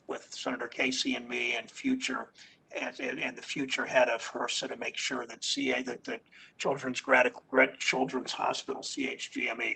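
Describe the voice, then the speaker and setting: Older man, senator at a hearing, gravelly voice, bright edge, halting and earnest. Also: medium pitch, low-quality recording. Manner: halting, restarts words, earnest. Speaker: senator questioning nominees. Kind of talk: committee hearing questions.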